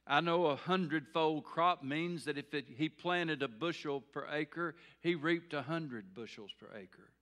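A man's voice: fairly high pitch, measured pace, few pauses, a bit bright. A man preaching a sermon as pastor, folksy and earnest, with repeated phrases and small restarts.

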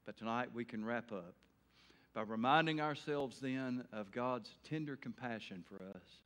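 A middle-aged pastor delivers an evening sermon in a mid-range voice, a little slow. His folksy style swings between forceful loud moments and quiet, earnest speech.

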